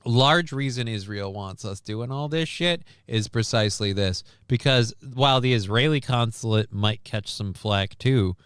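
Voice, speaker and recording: A man's voice: medium pitch, pushed and bright, smooth, dry recording, studio quality. A man hosting a casual stream, ranting about the news in a sarcastic, profane, rambling way. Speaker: streamer host. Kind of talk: casual news commentary rant.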